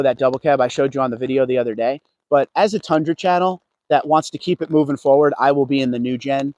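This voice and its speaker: Heard in a muffled recording without room sound, a medium-pitched man livestreams casually from an outdoor car dealership lot. The car vlogger chats with viewers as he walks, greeting each by name.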